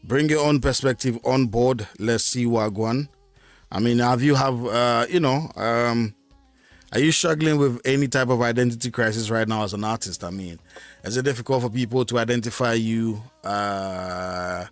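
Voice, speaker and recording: A man's voice: medium pitch, normal speed, no echo. A man hosting a live music stream, talking casually on his own and rambling with many fillers and restarts.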